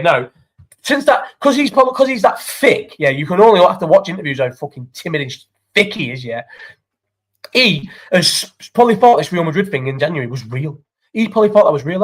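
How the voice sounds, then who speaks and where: A man's voice: high-pitched, slightly rough. A young man from Falmouth, England, hosting a casual live chat and ranting about football with plenty of swearing. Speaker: podcast host.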